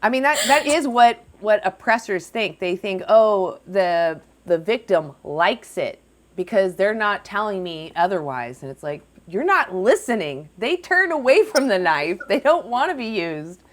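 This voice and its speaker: A woman's voice: medium pitch, very animated, measured pace. A woman hosting a live debate stream, challenging callers in a scolding, confrontational way. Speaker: livestream host debating callers.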